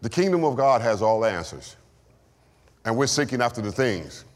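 A man's voice: mid-range voice, sing-song, moderate pace. A man preaching a sermon and giving testimony, with call-and-response lines to the congregation. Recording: long hall reverb.

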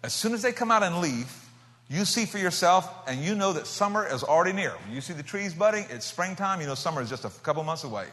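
A man preaching a sermon, telling stories with animation and swinging from loud bursts to hushed tones. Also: high voice, lively intonation, quick pace. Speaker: pastor. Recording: long reverb of a church hall.

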